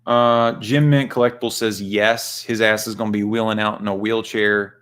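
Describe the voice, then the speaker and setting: A man's voice: lowish voice, level tone, moderate pace, fairly bright tone, clean tone. A man hosting a casual livestream chat, rambling and joking with plenty of profanity. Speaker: channel host.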